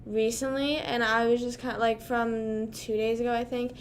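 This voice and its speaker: A woman's voice: a little high, level tone, moderate pace, a little hiss or hum. Rambling young woman streamer. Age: young adult. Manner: rambling, filler-heavy, lots of "like" and "um". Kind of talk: casual live-stream chat.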